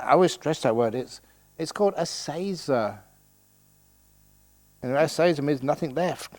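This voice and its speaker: A man's voice: medium pitch, a little mellow. An older man giving a playful dharma talk at a meditation retreat, joking and laughing as he teaches.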